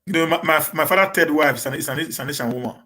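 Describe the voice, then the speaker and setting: A man with a Nigerian accent chats casually with viewers on a live Q&A stream. He drops in Pidgin English, stammers and restarts his words, and rushes ahead on purpose so he does not get stuck. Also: fairly high pitch, pushed and bright. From Edo State, Nigeria. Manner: talks fast on purpose to avoid getting stuck.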